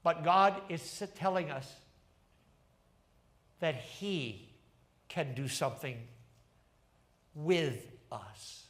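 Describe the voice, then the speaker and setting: A man preaching a sermon to his congregation, telling stories earnestly and dropping to a hush on key lines. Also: on the high side, animated, drawn-out words, long pauses. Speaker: pastor. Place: church livestream.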